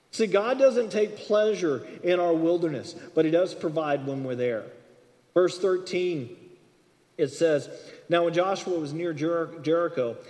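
A man preaching a sermon, animated, acting out dialogue and swinging between loud and soft. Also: a little high. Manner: animated, acts out dialogue with shifts in loudness. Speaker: pastor. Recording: long reverb of a hall.

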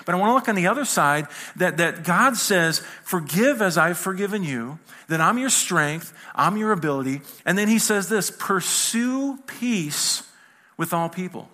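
Bright-voiced man preaching a lively sermon. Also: sits high, normal speed, hardly any pauses. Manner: conversational preaching with acted quotes and humor. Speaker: pastor. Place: church hall with congregation.

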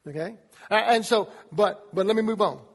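A man preaching a sermon to young people as a youth pastor, animated, acting out voices as he tells the story. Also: sits high, normal speed, husky. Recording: long reverb of a large hall.

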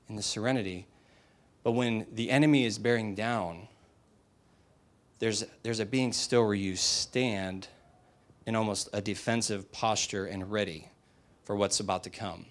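A man preaching a sermon in a direct, emphatic, conversational way, asking the audience rhetorical questions. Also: lowish voice. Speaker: pastor.

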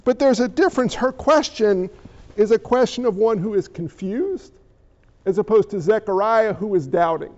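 A man preaching a sermon as pastor, animated and jokey as he retells the story. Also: high voice, normal speed, dull audio.

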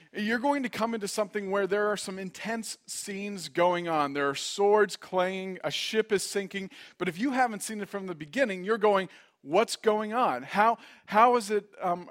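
Pastor guy with a high voice, storytelling sermon, does little voices for the people in it. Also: a bit bright. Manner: storytelling, acts out quoted voices.

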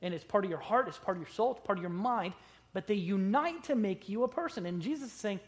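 A man preaching a sermon, conversational with rhetorical questions, swinging between loud stressed words and quiet asides. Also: high voice, expressive, fast. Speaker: pastor.

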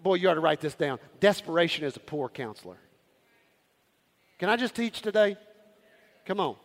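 A man preaching a sermon as pastor, calling out to the congregation and swinging from loud to hushed. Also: on the high side, expressive, moderate pace, in a large hall.

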